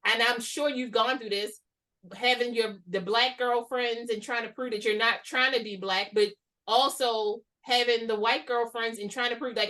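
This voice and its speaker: A woman hosting a casual conversation, animated and chatty, laughing easily. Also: a little high, normal speed, distant mic. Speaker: host.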